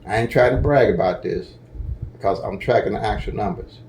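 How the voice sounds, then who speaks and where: Chatty man with a mellow voice in an echoey room. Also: fairly low pitch, a little fast, a little hiss or hum. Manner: folksy, chatty, repeats "okay?" to check in. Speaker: lottery strategy teacher. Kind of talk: casual tutorial walkthrough.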